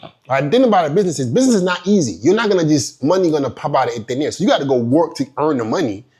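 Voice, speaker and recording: A man teaching a business course, his speaking voice sitting a little higher than most men's. He tells his story bluntly and emphatically, swearing freely as he pushes his point home. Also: expressive, rapid-fire, darkish tone, husky. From immigrant. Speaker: business coach. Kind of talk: candid course lecture with a personal story.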